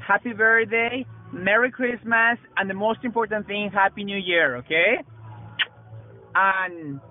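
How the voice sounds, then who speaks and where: A man's voice: sits high, measured pace. Guy gushing greetings, tinny phone recording with faint music. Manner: warm, effusive, repeats himself. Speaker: friend sending a birthday message.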